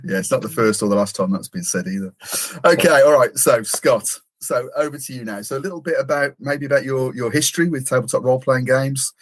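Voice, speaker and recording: A man's voice: mid-range voice, fairly quick, few pauses. Jokey middle-aged English male host. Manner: laughs often, jokey and self-deprecating. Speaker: podcast host. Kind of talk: casual chat.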